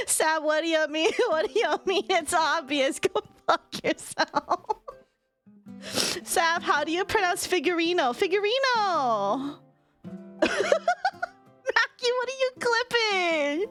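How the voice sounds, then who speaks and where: A woman's voice: very high voice, a bit bright. A woman streamer chatting casually with her viewers, giggling often and swearing freely. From United States. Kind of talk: casual live-stream chat.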